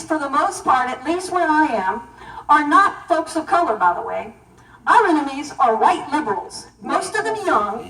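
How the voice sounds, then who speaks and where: High-voiced woman in an echoey hall. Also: distant mic, slight background noise. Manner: animated, emphatic storytelling. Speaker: keynote banquet speaker. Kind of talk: storytelling speech to an audience. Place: banquet hall.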